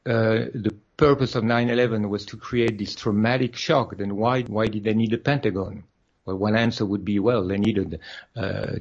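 Male guest, husky and low, halting speech full of "uh"s, muffled lo-fi audio. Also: a little mellow. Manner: hesitant, many fillers and restarts. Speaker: guest author. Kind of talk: interview over a phone line.

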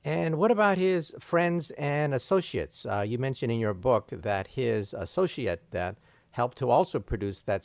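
A man interviews a guest, putting his questions with curiosity. His pitch moves a lot. The recording is dry and close. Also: gravelly, no room sound. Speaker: radio interviewer.

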